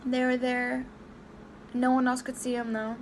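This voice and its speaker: Emotional and near crying, a young woman vlogs a personal story on camera, stumbling over fillers and restarting often. She pitches high and keeps a level tone against a noisy backdrop.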